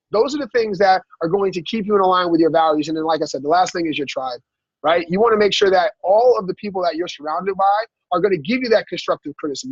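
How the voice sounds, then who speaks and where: A man coaching his team in a motivational training talk, energetic and asking "right?" after every point. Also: high-pitched, breathy edge, dry recording. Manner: energetic, repeats "right?" often, acts out dialogue. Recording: dull lo-fi sound.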